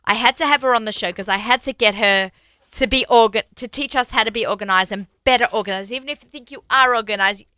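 A woman's voice: fairly high pitch, fast, bright, forceful tone, clean tone, dry recording. A woman hosting a radio talk show in a studio, chatty and upbeat, laughing often. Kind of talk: casual studio chat.

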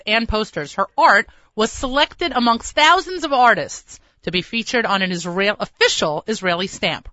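Enthusiastic lady radio host, bright tone, dry studio sound. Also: mid-range voice, dry recording. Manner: effusive, enthusiastic. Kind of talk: radio interview. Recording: dry, slightly dull lo-fi sound.

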